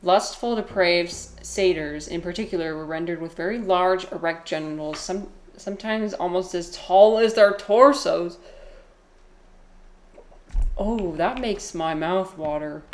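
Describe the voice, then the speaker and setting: A woman's voice: fairly low pitch, measured pace. A woman live-streaming a game, chatting casually with viewers, reading their comments aloud, often giggling and joking at her own expense. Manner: chatty, giggly, self-deprecating, reads chat aloud. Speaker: livestreamer playing a game.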